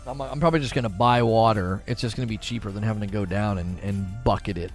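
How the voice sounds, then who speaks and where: A man's voice: on the low side, fast talker, soft background music. A young man streaming a game, talking casually, reading chat and laughing often at his own jokes. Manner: chatty, laughs often, mocking jokey asides.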